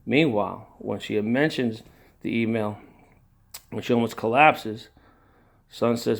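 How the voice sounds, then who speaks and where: Gravelly older man rambling through a story. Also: fairly low pitch, steady tone, a little slow, pauses often. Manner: rambling and digressive, with sighs and restarts. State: emotional. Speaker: narrator of his own family story. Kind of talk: casual personal storytelling.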